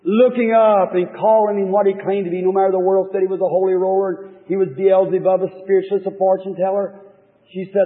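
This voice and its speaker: A man preaching a fervent sermon, retelling scripture in folksy speech with swings from loud to hushed. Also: sits high, little pitch movement, fairly quick. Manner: fervent, rising and falling storytelling, folksy speech. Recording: tinny lo-fi old sermon tape, reverberant hall.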